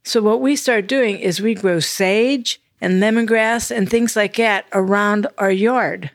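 A woman's voice: mid-range voice, a little slow, no room sound, clean studio sound. An older woman co-hosting a podcast, chatty and self-deprecating in casual conversation. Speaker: podcast co-host. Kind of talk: casual chat.

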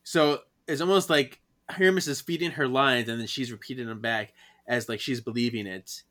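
A man co-hosting a podcast, retelling a comic in casual chat, relaxed and hesitant with drawn-out fillers. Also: medium pitch. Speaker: podcast co-host.

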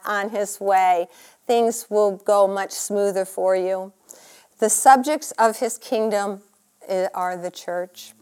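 A woman preaching a sermon in an earnest, gentle, pleading way. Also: on the high side. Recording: faint music behind.

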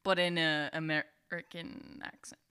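A woman's voice: low voice, little pitch movement, unhurried, bright, forceful tone, clear, resonant tone. A young woman co-hosting a podcast, chatting playfully and trying out silly accents. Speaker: podcast co-host. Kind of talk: casual chat. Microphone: podcast microphone.

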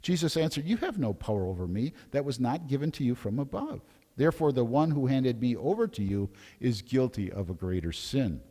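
A man as pastor reading a scripture passage, raising his voice for the crowd's shouts. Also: medium pitch, animated, brisk, in a large hall. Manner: dramatic, raising voice for crowd lines.

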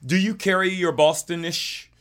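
A man's voice: sits high, fairly even intonation, moderate pace, a bit bright, clean tone. A man hosting a casual podcast chat, jokey and teasing his guest. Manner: jokey, teasing, laughs often. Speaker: podcast host.

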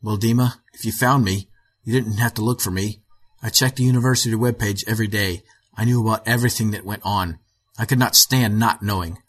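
A man reading a weary aging physicist, husky and low. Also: fairly quick, natural voice. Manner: flat, rough delivery. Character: weary aging male physicist, flat and grim.

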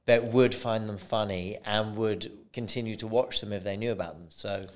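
British man, middle-aged, podcast host, lowish voice, clear and resonant, storytelling. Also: normal speed. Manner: conversational storyteller, animated in anecdotes. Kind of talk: casual podcast interview.

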